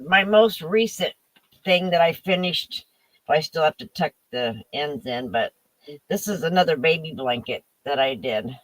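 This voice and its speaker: A woman co-hosting a casual livestream, giving quiet, brief replies and short show-and-tell. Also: low voice, lively intonation, a little slow, no room sound. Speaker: co-host guest.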